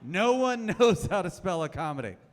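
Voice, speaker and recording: Brief: dry, self-mocking male comic, slightly high voice, reverberant club hall. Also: very animated, moderate pace. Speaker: stand-up comedian. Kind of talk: stand-up comedy set. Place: comedy club stage.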